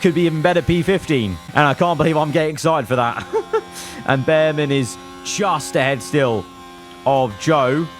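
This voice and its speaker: A man giving excitable live commentary over a racing management game, swinging from low muttering to loud outbursts. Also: moderate pace, faint music behind. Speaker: gaming YouTuber.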